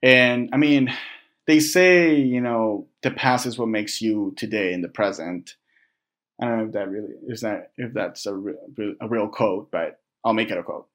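Halting, reflective young man. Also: fairly low pitch, a bit bright. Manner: halting and reflective, many restarts and fillers; swears casually. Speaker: vlogger. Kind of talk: candid personal storytelling to camera.

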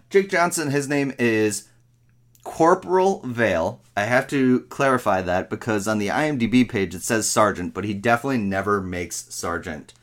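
Rambling man recapping a movie. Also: mid-range voice. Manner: rambling, self-correcting, animated retelling. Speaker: movie reviewer. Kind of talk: casual movie recap and review.

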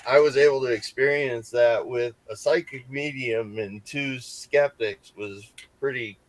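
A man recounting a hunt for ghosts in loose, conversational talk. He rambles, circling back with fillers and restarts. His voice is mid-pitched and sits close and dry on the mic. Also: unhurried, no room sound. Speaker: paranormal investigator. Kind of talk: casual storytelling on a podcast.

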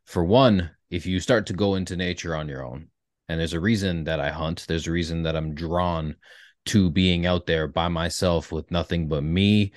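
Man, low voice, podcast host, casual chat, halting restarts, dry sound. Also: no echo. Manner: affirming, then reflective with halting restarts. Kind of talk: casual conversation.

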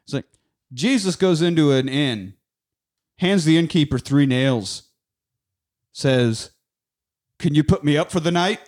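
A man's voice: a little high, expressive, measured pace, long pauses, a little mellow. Male podcast host, profane and laughing, casual film recap with acted-out lines. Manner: swears a lot, laughs, acts out movie lines.

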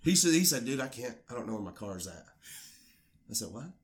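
A man's voice: medium pitch, a little fast. A man co-hosting a casual podcast, telling a drinking story with lots of swearing and acted-out voices. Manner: animated, swearing, acts out quoted voices.

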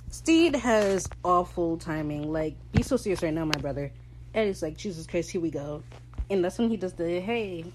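Excitable, gushing woman recapping a show. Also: lowish voice, slight background noise, poor audio. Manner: excitable, swears freely, gushing fangirl asides. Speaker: podcast host recapping a TV episode. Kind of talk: casual recap monologue.

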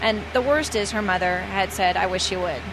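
A woman's voice: mid-range voice, a little fast, noisy background. Chatty woman telling airline stories. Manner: chatty, hesitant with many fillers. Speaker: flight attendant telling stories. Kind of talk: casual storytelling.

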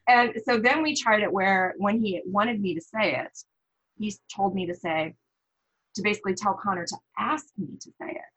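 A woman's voice: mid-range voice, moderate pace, husky, lo-fi sound. A woman from the American Midwest, a guest on an interview show, telling a story animatedly and acting out what others said. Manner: animated, quotes others in lively voices. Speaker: guest, parent.

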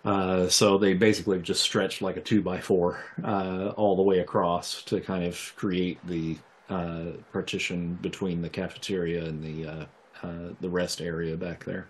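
A man with a low voice runs a tabletop game, describing each scene at an easy pace. He pauses often on fillers as he builds the picture for his players. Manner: relaxed, descriptive, with many fillers. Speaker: game master.

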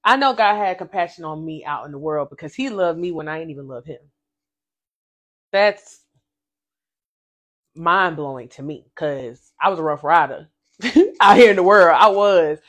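A woman addresses her listeners head-on during her casual faith podcast, relating a personal story with lively, emphatic repetition. She has a low voice, keeps a moderate pace, and pauses often.

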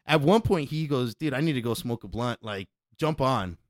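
A man spinning a rowdy anecdote, swearing freely and jumping into loud impressions of the people in it. His voice sits at an ordinary middle pitch. The sound is dry and close, with no room around it. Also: normal speed, no room sound. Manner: profane, animated, acts out quotes loudly. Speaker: DJ telling a story. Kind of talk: casual storytelling chat.

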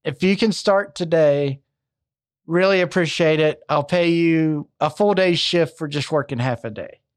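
A man's voice: fairly high pitch, measured pace, close to an everyday voice. A man quoting a friendly-seeming male recruiter who turns curt when crossed, in a casual retelling. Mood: coaxing.

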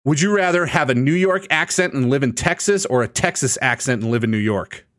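Playful man with a lively voice. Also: medium pitch, a little fast. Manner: playful, teasing, laughs a lot. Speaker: co-host reading questions. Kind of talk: casual chat.

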